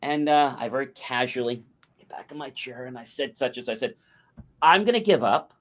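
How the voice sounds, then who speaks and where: A man's voice: mid-range voice, fairly quick. A man co-hosting a talk show, telling a long personal story and acting out the quotes. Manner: animated anecdote with acted-out quotes. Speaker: podcast co-host. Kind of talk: casual storytelling.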